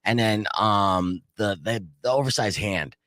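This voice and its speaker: This man has a fairly low voice, speaks a little slowly, and is recorded dry. On his morning radio show, in the studio with a studio microphone, he tells a long story loosely and casually, cursing freely and animatedly voicing the characters.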